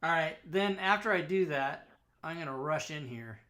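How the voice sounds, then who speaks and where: A man's voice: a little high, expressive, bright, forceful tone. Eager, rule-arguing male player. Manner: eager, quick to argue the rules. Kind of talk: playing a tabletop game over a voice call.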